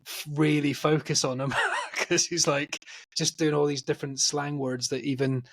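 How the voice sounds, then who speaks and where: A Scottish-born man hosting a podcast, with a light, softened Scottish accent, talking in a rambling, chatty way full of restarts. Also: a little high, little pitch movement, normal speed, gravelly. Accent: light Scottish, softened by living in England. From Scotland. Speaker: podcast host. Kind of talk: casual interview chat.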